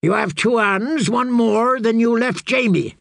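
A man's voice: very high voice, unhurried, gravelly, dry recording, studio quality, voice pushed up, exaggerated voice. A man voicing a stern, blunt woman knight who gives clipped commands, in an audiobook. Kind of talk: audiobook character voice.

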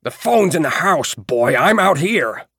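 A man voicing a curt, irritable old man who is hurt and in pain, speaking in a gruff, terse way. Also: a little high, very animated, unhurried, sharp tone, no echo, clean studio sound, pitched above the performer's own voice, exaggerated voice. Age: older.

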